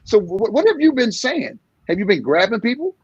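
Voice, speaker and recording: A comedian in his sixties talking in an animated interview, acting out little scenes in different voices. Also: high-pitched, brisk, husky, no room sound, muffled recording. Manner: energetic storyteller acting out voices. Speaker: comedian guest.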